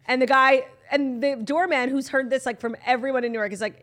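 A young woman chats as a podcast co-host, her voice sitting a little high. She tells stories with lively energy, acting out quoted lines and laughing along the way. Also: fast, hardly any pauses. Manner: animated storytelling, acts out quotes loudly, laughs often. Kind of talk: casual chat.

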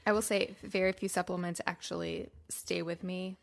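A woman co-hosts a relaxed podcast, laughing easily and explaining health topics in a conversational way. Her voice is on the low side with a noticeable gravelly, creaky texture. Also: moderate pace. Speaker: podcast co-host. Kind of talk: casual podcast chat.

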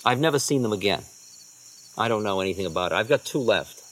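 A man, a spiritual teacher, telling unhurried rambling anecdotes with soft trailing asides. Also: fairly low pitch, lively intonation, slight background noise. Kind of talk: storytelling talk.

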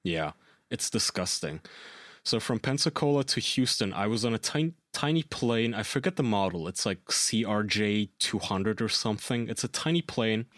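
A man's voice: on the low side, lively intonation, normal speed, fairly bright tone, dry recording. A man spins a story on a casual podcast with a lot of swing in his voice. He swears freely and laughs at his own tales. The sound is dry and close, with no room around him. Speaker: podcast co-host. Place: lives in Germany.

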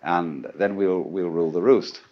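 A man's voice: sits low, unhurried. A middle-aged man giving a conversational philosophical lecture, musing aloud and asking rhetorical questions. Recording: dull lo-fi archival lecture tape.

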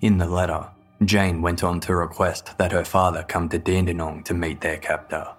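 A man narrating a true-crime story in a measured, grave, scripted manner. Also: low-pitched, flat delivery, faint music behind.

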